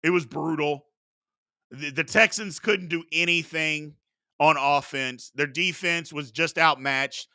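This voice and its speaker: A man's voice: fairly high pitch, a little slow, pushed and bright, dry recording, studio quality. A man hosting a sports talk show, ranting bluntly and emphatically, repeating his points for force. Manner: emphatic, repetitive, blunt and fired up. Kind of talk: opinionated sports talk rant.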